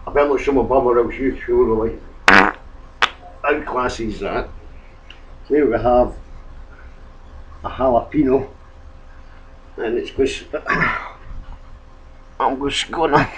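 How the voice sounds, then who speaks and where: Slow, rambling British man on a lo-fi recording. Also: medium pitch. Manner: rambling, hesitant, self-amused. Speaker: comedy vlogger. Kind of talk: improvised comic vlog. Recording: dull lo-fi home recording, faint noise.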